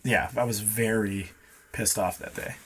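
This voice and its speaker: A man's voice: on the low side, fairly even intonation, unhurried, breathy edge. A man in his thirties, a podcast guest, telling a long rambling story in casual chat, swearing often and acting out the dialogue.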